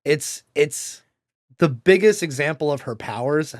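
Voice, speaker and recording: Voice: mid-range voice, unhurried, no echo, studio quality. A podcast co-host in casual chat, laughing often and acting out quoted lines in playful voices.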